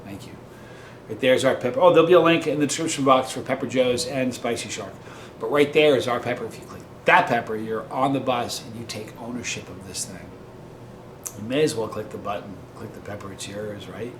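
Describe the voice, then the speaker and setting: A man's voice: medium pitch, fairly quick. A man hosting his own vlog, chatting casually to his viewers and telling jokes in a chatty, playful manner. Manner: joking, chatty storyteller. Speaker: vlog host. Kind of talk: casual talk to camera. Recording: roomy echo with faint noise.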